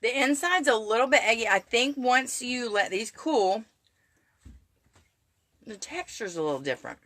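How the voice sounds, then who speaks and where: A middle-aged woman doing a casual live stream from her home kitchen, chatty and excitable, greeting viewers by name. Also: fairly high pitch, moderate pace, no room sound. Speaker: keto cooking vlogger.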